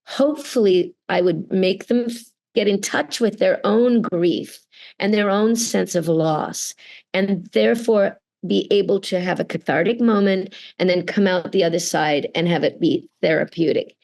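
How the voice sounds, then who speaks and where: A middle-aged woman from Canada talks with earnest, expressive warmth in an interview. Her voice carries some vocal fry and gravel, and she leans into acting out the people she quotes. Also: mid-range voice, measured pace. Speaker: voice actor guest. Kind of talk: interview conversation.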